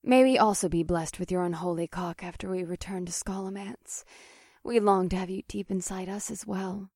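A man putting on a breathy, sultry witch woman. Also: sits high, fairly even intonation, normal speed, darkish tone, dry recording, studio quality, voice pushed up. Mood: sultry, adoring. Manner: purring, fawning. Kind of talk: audiobook reading.

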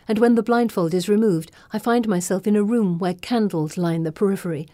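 A woman narrating a novel in the first person with measured, steady storytelling. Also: mid-range voice, dry recording, studio quality. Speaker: audiobook narrator.

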